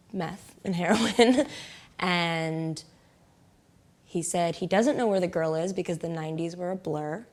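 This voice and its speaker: A young adult woman casually telling a personal story, often saying "like", laughing a lot and sometimes dropping to a soft whisper. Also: fairly low pitch. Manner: chatty, heavy use of "like", laughs often. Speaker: interviewee.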